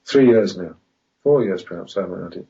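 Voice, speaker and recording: A man's voice: low-pitched, expressive, brisk, mellow, husky. A man talking as a podcast guest in casual conversation, rambling and emphatic, firing off pointed questions. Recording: dull lo-fi online call audio.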